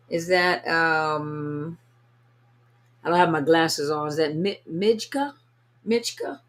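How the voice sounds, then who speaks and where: A woman hosting a casual live stream, greeting viewers one by one and sounding a little tired. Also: on the low side. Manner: warm, chatty, reads viewer names aloud. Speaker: livestream host greeting viewers. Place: at home, California.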